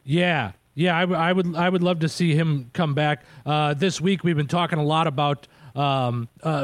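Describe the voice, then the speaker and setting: A man's voice: fairly high pitch, no room sound. A man hosting a radio interview in a casual, chatty way. He laughs often and restarts his sentences. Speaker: radio show host.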